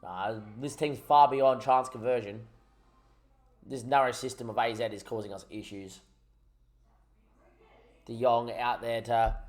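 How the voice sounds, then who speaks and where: A man's voice: mid-range voice, a little mellow. A young man giving frustrated, rambling commentary over his own gameplay, swearing often. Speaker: gaming YouTuber.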